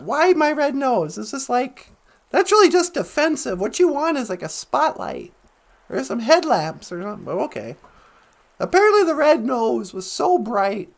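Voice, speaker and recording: A man's voice: extremely high pitch, vocal fry, voice pushed down, full character voice. A man playing a chatty, teasing auntie character named Natasha, who talks with sarcastic, giggly, sing-song asides. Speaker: show character.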